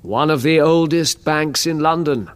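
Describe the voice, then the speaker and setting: Man doing a high-pitched kindly detective, gentle, reassuring, slow storybook reading. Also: close to an everyday voice. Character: calm confident male detective, kindly. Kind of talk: audiobook character reading.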